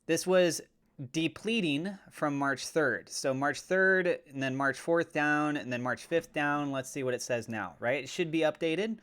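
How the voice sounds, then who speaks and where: A man hosting his own cryptocurrency channel, chatting casually and getting excitable as he watches prices move. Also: a little high, unhurried, clean tone. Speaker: crypto YouTuber. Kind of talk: casual commentary to camera.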